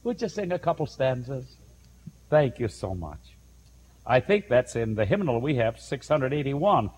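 A man's voice: medium pitch, very animated, measured pace, darkish tone, husky, low-quality recording. An older man preaching, telling folksy stories and chuckling between anecdotes. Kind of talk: storytelling sermon.

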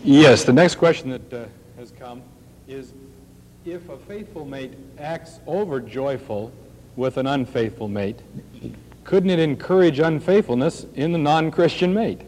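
A man reading out audience questions in a plain, measured way. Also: mid-range voice, darkish tone, big-room sound, poor audio. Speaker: question reader.

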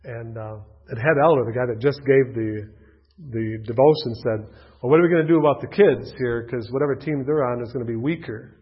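Husky man telling a rambling story. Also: medium pitch, a little fast. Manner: rambling, animated storytelling with restarts. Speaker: speaker telling his faith story. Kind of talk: personal storytelling talk. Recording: dull lo-fi recording.

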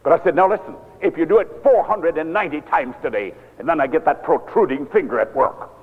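An older man preaching a sermon as a minister, animated, sometimes stern, often acting out what others say. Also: fairly high pitch, fast talker, slightly rough. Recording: tinny phone-like sound in a large reverberant hall.

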